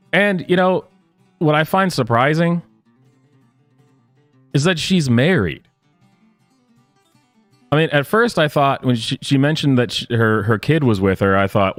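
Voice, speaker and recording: A man's voice: mid-range voice, lively intonation, measured pace, pauses often, no room sound, faint music behind. Man, sarcastic reaction commentary, host, mid-range voice, dry close sound. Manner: sarcastic, laughs at the clip.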